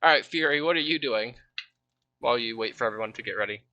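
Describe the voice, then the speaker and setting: A man's voice: medium pitch, fast, sharp tone, no echo, lo-fi sound. A man running a tabletop game on a live stream, laid-back and rambling, often laughing at his own asides. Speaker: game master.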